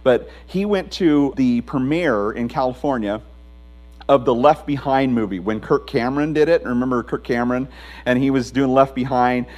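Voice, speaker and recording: A middle-aged male pastor preaching a sermon in a conversational, emphatic way, with a low hum behind him. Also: moderate pace, a little mellow, low-quality recording.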